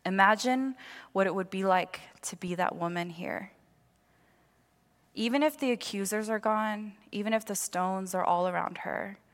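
A young woman preaching a sermon and telling a personal story in an animated way, acting out the voices of the people in it. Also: medium pitch. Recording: long hall reverb.

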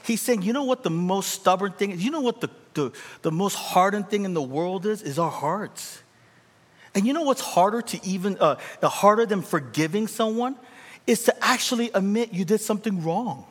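A man delivers a sermon in a high, bright voice, building from calm teaching into near shouts. He plays out little quoted dialogues with the congregation. The hall adds a long, echoing tail to every word. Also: normal speed, husky. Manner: animated preaching, rising to near shouts. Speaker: pastor. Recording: reverberant hall.

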